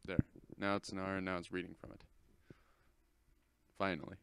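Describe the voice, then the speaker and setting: Chatty teenage guy, low voice. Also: a little slow, vocal fry, fairly bright tone, a little hiss or hum. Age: teens. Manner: chatty, rambling, self-correcting. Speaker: host. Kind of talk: casual commentary over a screen recording.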